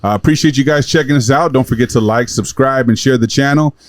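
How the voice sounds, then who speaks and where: A man in his forties hosting a podcast, telling stories fast with plenty of swearing. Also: mid-range voice, no room sound, studio quality. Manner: fast, profane storytelling. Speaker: podcast host. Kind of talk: casual chat.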